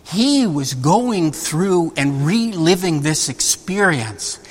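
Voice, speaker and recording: Preacher in a church, slow sermon, keeps repeating and restarting, long reverb. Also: medium pitch, very animated, breathy edge. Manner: halting, repeats words and restarts phrases.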